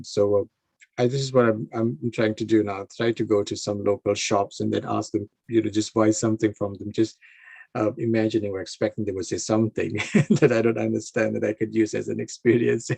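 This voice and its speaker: A man with a low, gravelly voice explains things conversationally, often stopping and restarting his phrases as he searches for the right words. His tone is dark and a little husky, and the recording is dry and close. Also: no echo. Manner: explanatory, advice-giving. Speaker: interviewee.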